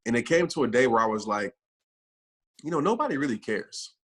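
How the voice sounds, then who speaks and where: A man's voice: medium pitch, very animated, fairly quick, breathy edge. A man guesting on a podcast as a motivational speaker, earnest and reflective, speaking from his own experience. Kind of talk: reflective interview talk.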